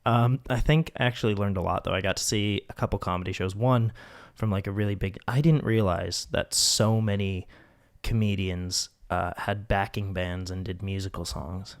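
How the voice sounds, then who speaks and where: A man with a deep, gravelly voice stumbles through his comedy podcast stories, hesitant and halting. He keeps stopping and restarting mid-thought, with lots of fry in the low end. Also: steady tone. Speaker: podcast co-host. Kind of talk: improvised comedy chat.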